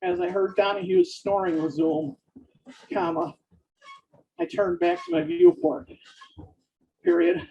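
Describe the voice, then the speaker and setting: Guy dictating his story out loud, says comma and period, gravelly voice, pitch jumps around a lot, dull lo-fi sound. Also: animated. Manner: speaks punctuation marks aloud, slow and deliberate. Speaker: author dictating a novel. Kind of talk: dictating fiction aloud.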